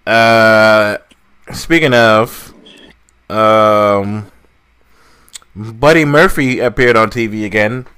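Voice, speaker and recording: A man co-hosting a podcast in casual chat, blunt and animated, swearing freely. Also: on the low side, slow, pauses often, clean tone. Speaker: podcast co-host.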